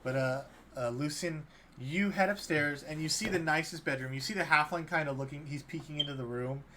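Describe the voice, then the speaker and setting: A man narrating as dungeon master in a relaxed, hesitant way with many fillers. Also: a little high, a little fast, a little hiss or hum. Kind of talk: narrating a tabletop game.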